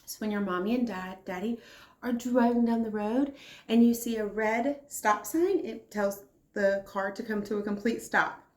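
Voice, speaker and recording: A woman leading a kindergarten circle time lesson, speaking slowly and encouragingly as she answers imagined children's replies. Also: on the high side, reverberant. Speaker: kindergarten teacher.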